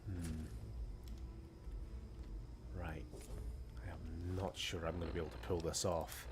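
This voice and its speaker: Casual gameplay commentary from a young Scottish streamer who mumbles to himself and swears under his breath, sarcastic throughout. He speaks slowly with a low pitch and flat delivery over a noisy background.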